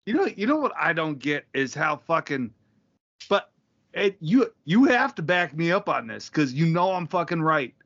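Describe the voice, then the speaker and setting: A man with a fairly high, bright, forward voice, chatting casually on a podcast. He teases his co-host, swears and laughs a lot. The audio is a bit dull and lo-fi. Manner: teasing, profane, laughs a lot. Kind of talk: casual chat.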